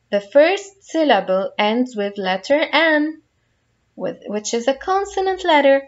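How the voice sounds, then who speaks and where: Slow, patient woman phonics teacher. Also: a little high, highs cut off. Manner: slow, patient, spells out each word step by step. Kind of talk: phonics lesson for young children.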